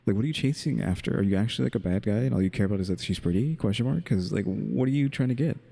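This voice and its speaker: A man's voice: on the low side, racing, vocal fry, dark tone, husky. A man co-hosting a casual commentary chat, musing aloud and posing wry rhetorical questions. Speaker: co-host.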